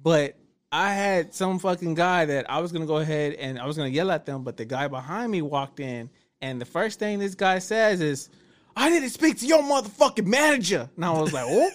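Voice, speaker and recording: A man's voice: fairly high pitch, a little fast. A married man telling a story in casual chat, acting out the quotes with a lot of swearing. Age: adult, married. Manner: animated storyteller, acts out quotes, swears freely.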